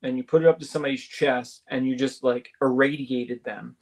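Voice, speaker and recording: A man's voice: medium pitch, fairly even intonation, a little fast. A man, a radio show guest, telling a story casually and acting out the dialogue, with many restarts.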